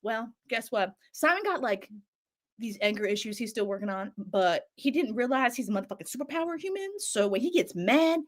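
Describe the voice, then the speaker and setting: A woman co-hosting, recapping a show in a casual, animated way, swearing and acting out lines. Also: sits high, brisk. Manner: animated, swears a lot, acts out quotes. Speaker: show co-host recapping a series.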